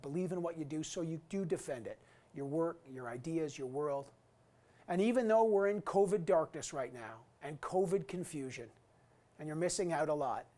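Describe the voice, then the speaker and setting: Speaking in a fairly high, slightly mellow voice, a man in his fifties returns as an alumni guest speaker. His recorded graduation address is earnest and emphatic.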